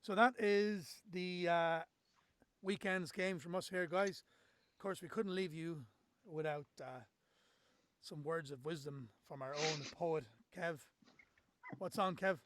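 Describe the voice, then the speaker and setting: Male podcast host, high voice, blunt and opinionated, dry close sound. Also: slow pace, fairly bright tone, no room sound. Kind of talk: casual football chat.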